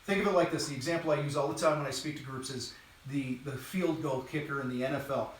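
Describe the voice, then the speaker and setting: A blunt, casual, energetic man who coaches contractors on business hosts a live training talk to a camera, talking fast at medium pitch and swearing now and then. He moves around, far from a distant mic, in a very echoey room, with a little hiss or hum in the recording.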